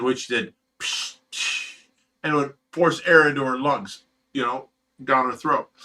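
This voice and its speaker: A man's voice: mid-range voice, pushed and bright, poor audio. A middle-aged man telling a personal story in casual chat, emotional and rambling, swearing freely. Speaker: fish rescue owner.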